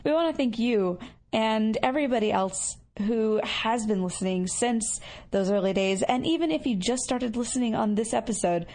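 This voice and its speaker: A woman's voice: fairly high pitch, normal speed, darkish tone. A woman co-hosting a podcast, answering listener messages in a casual, chatty way with lots of fillers. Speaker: podcast co-host.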